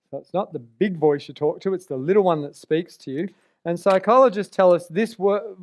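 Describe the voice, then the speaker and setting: A man with a high, smooth, resonant voice leads a live seminar. He keeps the room involved, throwing out half-finished sentences for the audience to complete. He delivers it with a lively, energetic presenter's drive.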